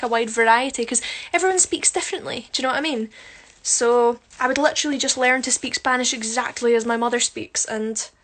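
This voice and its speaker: A young woman, talking casually into her phone at home as she reads out viewers' comments. Her voice sits high, and she slips between near-whispered asides and bright, louder bursts, padding it all with plenty of ums. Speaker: musical theatre performer on a live stream. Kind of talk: casual livestream chat reading comments. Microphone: phone camera close up.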